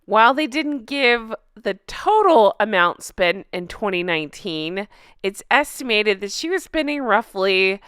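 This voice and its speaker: A woman vlogger giving casual commentary to her viewers, incredulous and emphatic, breaking into laughter and slowing down to stress her points. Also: mid-range voice, bright, forceful tone, clear, resonant tone, no echo, studio quality.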